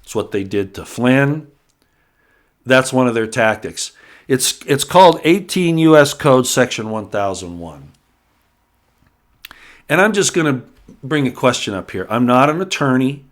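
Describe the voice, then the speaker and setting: A man's voice: mid-range voice, lively intonation, a little slow, long pauses. A middle-aged man hosting a solo political commentary show, talking emphatically with frequent restarts and repeated words, pushing harder on his key points.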